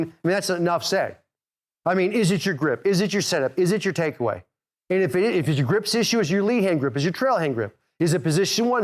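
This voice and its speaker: A middle-aged man who hosts a golf podcast. He coaches his listeners in an energetic, direct way and keeps calling out "okay?" and "guys". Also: a little high. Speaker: golf instructor and podcast host.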